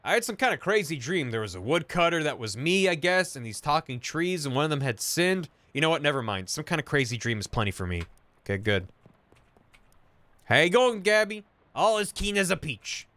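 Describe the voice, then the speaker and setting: A man's voice: a little high, big pitch swings, brisk, sharp tone, dry recording. A man streaming a video game, reading its text aloud with casual asides. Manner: casual asides between narration.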